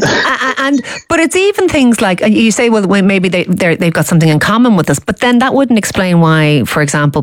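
Female host, deep voice, reflective questioner, dry close recording. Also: no room sound. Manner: reflective, builds questions with restarts. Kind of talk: interview questions.

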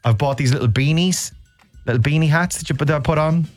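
A man with a slightly high voice talks quickly over soft background music while hosting a radio show. In casual radio chat, he rambles, mocks himself, and teases callers bluntly.

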